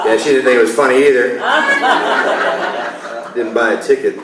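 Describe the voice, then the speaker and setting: A man's voice: medium pitch, steady tone, normal speed, long pauses, very noisy. A man in his forties doing a loose, conversational stand-up routine and laughing at his own jokes. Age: 40s. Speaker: stand-up comedian. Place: comedy club stage. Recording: echoey live club from far off. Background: audience laughter.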